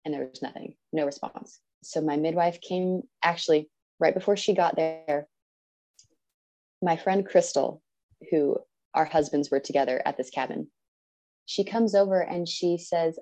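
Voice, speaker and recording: Earnest woman with a mellow low voice. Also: a little slow, poor audio. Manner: earnest, animated, acts out quoted speech. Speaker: podcast guest. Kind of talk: personal storytelling.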